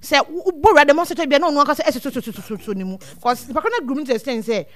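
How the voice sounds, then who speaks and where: A woman's voice: high-pitched, racing, fairly bright tone. A woman, speaking as a guest who gives earnest advice to parents in a casual talk. She often repeats words while she thinks. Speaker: guest speaker on child welfare. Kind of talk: casual advice talk mixing two languages.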